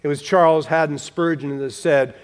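A man preaching a sermon to his congregation, slowing for emphasis and dropping to a hush on key words. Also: a little high, steady tone, clean tone. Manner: direct, talks to the congregation. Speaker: pastor.

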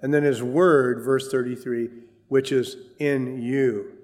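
A man preaching a sermon, earnest, lifting his voice for emphasis and dropping low for wry asides. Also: steady tone, slow, a little mellow, long reverb tail. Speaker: pastor.

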